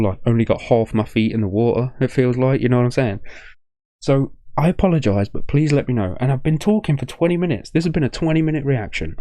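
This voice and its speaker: A man's voice: medium pitch, dark tone, no echo. A tired man from Leicester, hosting a music reaction video in a rambling, effusive way, full of thank-yous. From Leicester, English Midlands. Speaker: music reaction channel host. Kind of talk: casual reaction-video chat.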